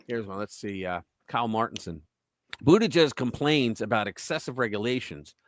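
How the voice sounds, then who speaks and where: A man's voice: medium pitch, moderate pace. A man hosting a live political commentary stream, talking casually with sarcastic, mocking asides. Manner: animated and sarcastic, mocking voices. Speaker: host.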